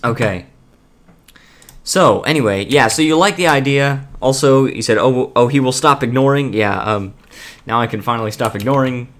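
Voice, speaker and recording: A man's voice: medium pitch, normal speed, a bit bright. A man streaming a building game, chatting casually to viewers and rambling with frequent restarts. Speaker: gaming streamer. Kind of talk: casual live-stream chat.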